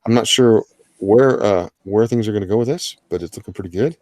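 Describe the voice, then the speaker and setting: A man's voice: on the low side, fairly quick, a little mellow, no room sound. A man hosting a live drawing-challenge stream, chatting casually with plenty of filler and joking asides. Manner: rambling, filler-heavy, jokey asides. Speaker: livestream host of a drawing challenge. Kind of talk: casual livestream commentary.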